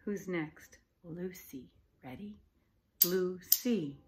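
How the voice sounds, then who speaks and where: A woman teacher talks slowly and patiently to young children, clapping and tapping out syllables in a slightly low voice. She now and then drops to a soft whisper. Faint room noise sits under the recording. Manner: slow, patient and encouraging, claps and taps out syllables.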